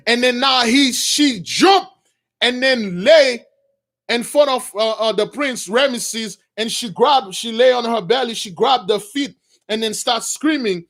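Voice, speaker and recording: A high-voiced man preaches, alternating between reading an old text and retelling it in loose, informal asides. He addresses his listeners as brothers, often restarts his sentences, and drops lower when he makes his point. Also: measured pace, a bit bright. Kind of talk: sermon reading a text with commentary.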